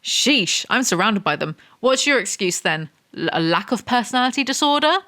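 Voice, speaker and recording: A woman's voice: mid-range voice, animated, normal speed, pushed and bright. A woman reviewing a romance novel in a comedic rant, reading passages aloud and mocking them with sarcastic asides. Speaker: book reviewer.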